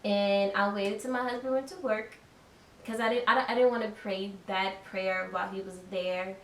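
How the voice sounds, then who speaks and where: A young adult woman giving a reflective, soft-spoken personal testimony, often saying "like.". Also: medium pitch, steady tone, moderate pace. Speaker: daughter giving her testimony. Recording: echoey room, distant mic, faint hiss.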